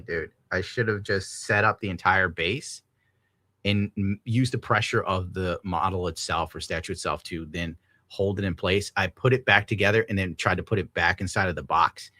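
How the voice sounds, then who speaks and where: A young American streamer rants casually to his chat, reading donations in a loose, profane, animated way and laughing often. His deep voice is bright and forward at a normal speed. The sound is close and dry, with no room around it and no echo.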